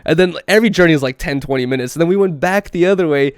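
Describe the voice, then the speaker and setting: A young man, a podcast host, telling a story in casual chat, animated, laughing often and acting out quotes. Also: a little high, rapid-fire, smooth, no echo, studio quality.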